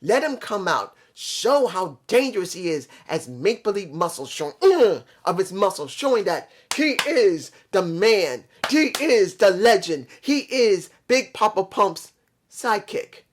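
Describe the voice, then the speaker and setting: A New York man with a high voice, big pitch swings and a measured pace rants through a casual review of a wrestling show. Blunt and profane, he vents his frustration directly to his subscribers.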